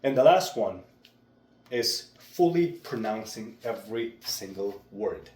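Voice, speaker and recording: Measured young man, roomy echo. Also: fairly low pitch, lively intonation, darkish tone, a little hiss or hum. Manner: deliberate, measured delivery. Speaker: vlogger. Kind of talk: reflective speech-practice vlog.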